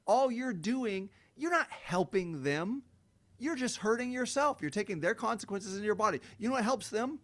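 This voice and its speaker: A man's voice: high-pitched, animated, fairly quick, a bit bright. A middle-aged man giving a blunt, profane self-help monologue, breaking into heated emphatic rants. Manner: mocks others in sing-song quoted voices. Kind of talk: unscripted monologue.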